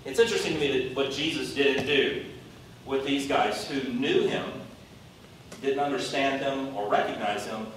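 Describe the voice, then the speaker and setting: A man preaching a conversational sermon, telling stories in a lively, animated way. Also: medium pitch, normal speed. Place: large hall, worship service. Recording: echoey hall from far off, faint noise.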